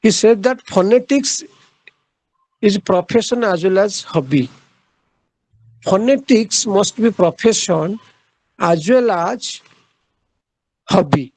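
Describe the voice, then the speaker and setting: A man giving a literature lecture, speaking haltingly, pausing often on "uh" and repeating his key phrases for emphasis. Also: high voice, expressive, a little mellow, dry recording, rough recording. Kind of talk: classroom lecture.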